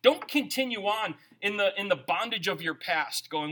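A man preaching a sermon as pastor, conversational and animated, asking his listeners questions. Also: high-pitched, moderate pace, hardly any pauses.

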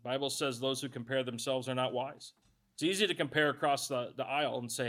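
A man's voice: mid-range voice, brisk, fairly bright tone. A male pastor giving a conversational sermon, reading scripture aloud and adding joking asides.

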